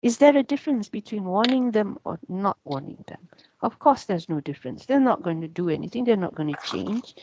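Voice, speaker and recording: Woman teacher with a gravelly voice. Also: medium pitch, darkish tone, no room sound. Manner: chatty, frequent "yeah" and "you know" fillers. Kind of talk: casual lecture on Arabic grammar. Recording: dull, muffled sound.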